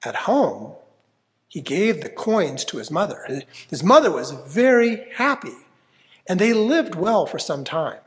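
A man's voice: high voice, big pitch swings, measured pace. A man reading a fairy tale aloud expressively, inviting listeners to join in. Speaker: storyteller. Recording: long hall reverb.

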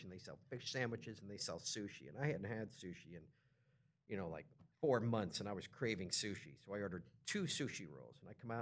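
A man in his forties co-hosting a podcast, telling a story in casual chat and acting out the voices of people in it. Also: lowish voice. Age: 40s. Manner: animated, acts out quoted voices. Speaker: podcast co-host.

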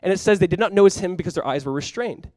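A young man with a notably high voice preaches with animated, casual energy, talking to his congregation as if chatting with friends. The sound is dry and close, with almost no room around it. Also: racing, no room sound. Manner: animated, conversational preaching with frequent "like". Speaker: pastor. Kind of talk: sermon.

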